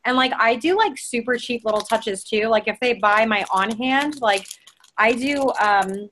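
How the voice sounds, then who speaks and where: A woman's voice: on the high side, a little slow, a bit bright, a little hiss or hum. A woman chatting casually on a team call, rambling with lots of fillers and restarts as she shares tips. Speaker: team member sharing tips.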